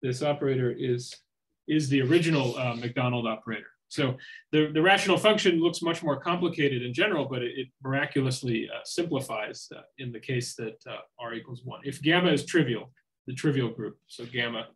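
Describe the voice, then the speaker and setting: A man delivers an academic lecture, working through his points aloud with frequent pauses and restarts. His voice sits at a middling pitch for a man. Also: a bit bright, poor audio. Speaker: seminar speaker.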